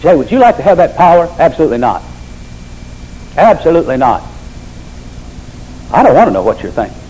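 A man's voice: fairly high pitch, huge pitch swings, racing, warm tone, slightly rough, rough recording. An older man preaching a sermon, telling folksy stories with emphatic repetition.

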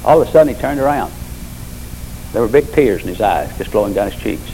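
A man's voice: fairly low pitch, lively intonation, a little fast, warm tone, a little hiss or hum, poor audio. An older man preaching a sermon, telling folksy stories with emphatic repetition.

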